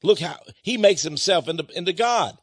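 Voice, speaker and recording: A man's voice: sits high, animated, brisk, slightly rough, no room sound, clean studio sound. A man preaching and commenting on Bible verses, with emphatic rhetorical questions. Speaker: Bible teacher. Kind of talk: sermon-style Bible reading and commentary.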